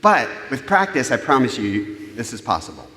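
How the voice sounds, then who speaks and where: Animated man in an echoing church. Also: medium pitch, normal speed. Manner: animated, humorous, acts out quoted voices. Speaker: church speaker. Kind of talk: conversational sermon on parenting. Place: church sanctuary. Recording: echoey hall reverb.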